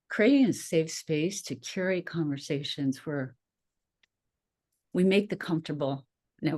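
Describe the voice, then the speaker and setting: A middle-aged woman, a nurse and minister, telling her story as a podcast guest in a chatty, expressive way with frequent laughs. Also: sits low. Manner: chatty and expressive, laughs often, acts out her own past reactions. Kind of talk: casual interview storytelling.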